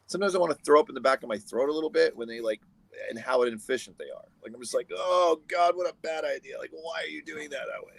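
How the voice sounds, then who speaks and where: Animated man telling set stories. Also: on the high side, vocal fry, dry recording. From United States. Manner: animated storyteller, acts out quoted people. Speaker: guest photographer. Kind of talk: casual interview.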